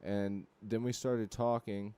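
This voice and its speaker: A young man hosting a livestream, telling rambling, profane stories full of fillers and reacting to chat with loud disbelief. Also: lowish voice, level tone, takes it slowly, smooth. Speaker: livestream host. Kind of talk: casual chat.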